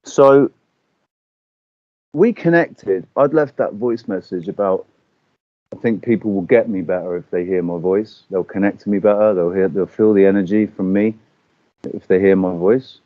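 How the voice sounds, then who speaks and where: A man in casual chat, telling stories with animated swearing and acting out quotes. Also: sits low, moderate pace, no echo. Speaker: podcast guest. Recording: dull lo-fi audio.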